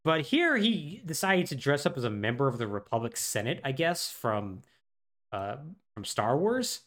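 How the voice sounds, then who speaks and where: A man co-hosting a podcast, recapping a game with animated, sarcastic storytelling. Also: medium pitch, normal speed. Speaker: podcast co-host.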